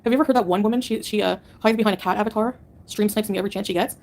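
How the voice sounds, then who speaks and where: A woman's voice: medium pitch, very fast, darkish tone. A woman livestreamer answering her chat in a combative, sarcastic rant. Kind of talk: live-stream rant to chat.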